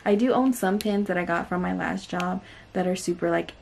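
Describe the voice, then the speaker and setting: A woman chats through an unboxing video. She is excitable and gushing, and she scatters fillers through her talk. Her voice has a gravelly, fry-laden texture, with a faint hiss of noise underneath. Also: lowish voice, a little fast. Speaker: booktube host. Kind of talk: casual unboxing vlog.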